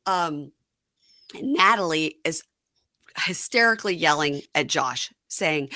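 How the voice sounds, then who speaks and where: A woman's voice: sits low, lively intonation, slow pace, long pauses, pushed and bright, dry recording, clean studio sound. A woman host recapping a reality show in casual chat, acting out the cast's lines with big swings in voice. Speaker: podcast host.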